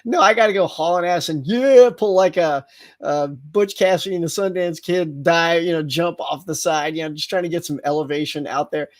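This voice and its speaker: Middle-aged guy hosting a livestream, chatty and animated, laughs a lot, voice sits a bit high. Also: a little fast, few pauses. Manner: animated storytelling with laughs and acted-out yells. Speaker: host. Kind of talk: casual livestream chat.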